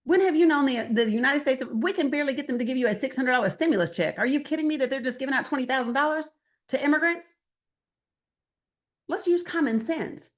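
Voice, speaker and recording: Woman giving a workshop talk, chatty and animated, asks the crowd stuff, acts out convos. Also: high voice, fast. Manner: animated, conversational, asks the room questions, acts out dialogue. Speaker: guest speaker at a political training. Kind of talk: lively workshop talk to an audience.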